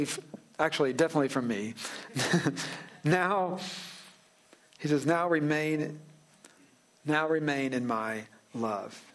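A pastor preaching a sermon in a relaxed, joking way, slowing down to stress key phrases. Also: male voice, high voice. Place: church sanctuary.

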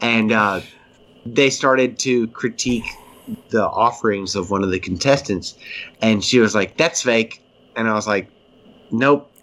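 Guy cohosting a podcast, rambly and excited, trips over his words. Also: lowish voice, a little slow. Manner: rambling, restarts often, enthusiastic. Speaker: podcast co-host. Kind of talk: casual chat.

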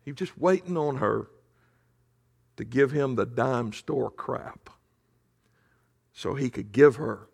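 A male pastor preaching in a conversational storytelling way, often dropping to a hush for emphasis. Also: mid-range voice, slow, gravelly, pauses often, breathy edge. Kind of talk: sermon storytelling.

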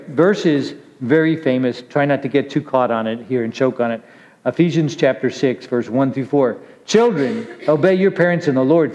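A man's voice: mid-range voice, a little mellow. A middle-aged male pastor giving a chatty, joking sermon, teasing himself and his congregation. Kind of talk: conversational sermon. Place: church sanctuary. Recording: dull recording with long hall reverb.

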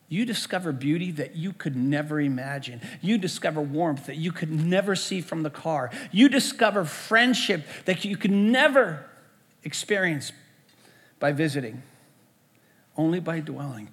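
A man's voice: high-pitched, lively intonation, normal speed, a bit bright. A man, a pastor preaching a storytelling sermon in a conversational way, often repeating words as he goes. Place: church sanctuary. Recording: echoey church hall.

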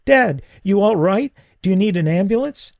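A man reading aloud plays a cheeky teenage boy from an audiobook, his voice pushed high and strained. The sound is dark and mellow. The recording is dry and close, with no room at all. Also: big pitch swings, normal speed, gravelly, dry recording. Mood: panicked. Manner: raised pitch, strained and urgent.

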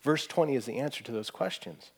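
A man preaching a sermon to a room, earnest and emphatic, climbing to strong peaks and dropping to soft, hushed asides. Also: medium pitch, lively intonation, fast talker. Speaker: pastor. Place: church hall with audience.

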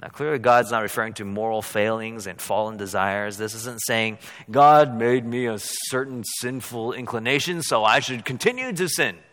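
A man preaching a sermon as a pastor, rising to loud, high-pitched emphasis and then dropping to quiet. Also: moderate pace, hardly any pauses. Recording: long hall reverb.

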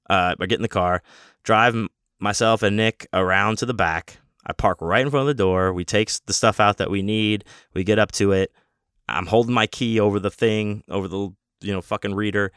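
A man's voice: fairly low pitch, fairly bright tone, smooth, dry recording, clean studio sound. A man telling a rambling, profane story in a casual way, with many restarts. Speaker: convention guest.

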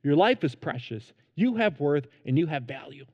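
Earnest preacher man, highish voice, big echoey church, kinda muffled. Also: very animated, moderate pace. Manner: earnest, emphatic. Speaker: pastor. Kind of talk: sermon. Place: church sanctuary.

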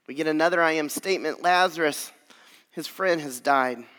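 Guy preaching a sermon, earnest, high voice, long church reverb. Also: moderate pace, smooth. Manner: earnest preaching, swelling louder on key phrases. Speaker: pastor.

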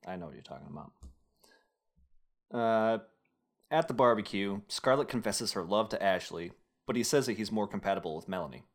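A young man hosts a casual podcast, recapping a film in a fairly low voice, talking fairly quickly with long pauses. He rambles through filler-heavy asides and jokes in a chatty way.

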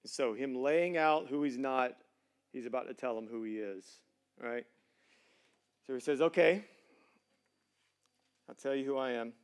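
A middle-aged pastor preaching a sermon in a casual, conversational way, with slangy fillers. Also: male voice, mid-range voice, measured pace, pauses often, clean tone.

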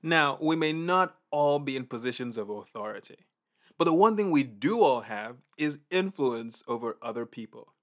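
A man preaching a casual, conversational sermon in an animated way, often acting out reactions. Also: medium pitch, moderate pace.

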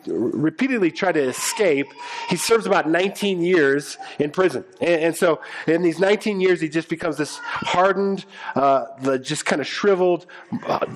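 A man preaching a sermon, retelling a story in a loose, conversational way full of fillers and restarts. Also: a little high. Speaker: pastor.

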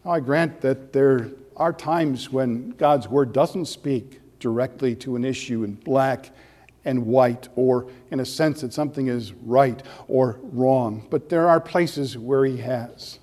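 A man preaching a sermon as pastor, earnest and full of rhetorical questions, his voice growing animated as he goes. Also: mid-range voice, slow pace, big-room sound.

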